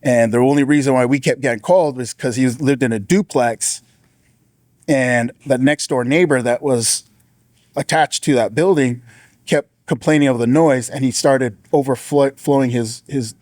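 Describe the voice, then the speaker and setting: A man shares a personal testimony in a plain, middle-pitched voice, telling it casually with frequent restarts. He bumps his pitch up when he quotes others. The sound is dry and close, with little room echo. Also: moderate pace, darkish tone. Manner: earnest, casual storytelling with many restarts. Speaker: former sheriff's deputy sharing testimony.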